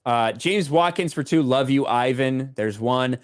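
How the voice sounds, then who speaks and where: Speaking at a measured pace in a mid-range voice, this livestream co-host runs through donation messages from viewers, tossing in casual swear words as he goes.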